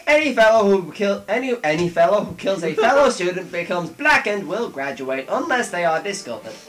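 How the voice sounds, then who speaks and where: Young guy reading game lines all over the top, sweary, fairly high bright voice. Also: sing-song, a little fast. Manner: mock-dramatic, sweary, breaks into laughter. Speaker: player voicing game dialogue. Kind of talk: drunken comic dub of game lines.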